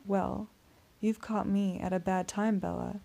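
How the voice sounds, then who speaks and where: A woman voicing a suave male vampire in an audiobook, speaking in a soft, courteous, menacing purr. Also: medium pitch, little pitch movement, unhurried, gravelly. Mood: silky menace. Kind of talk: audiobook character reading.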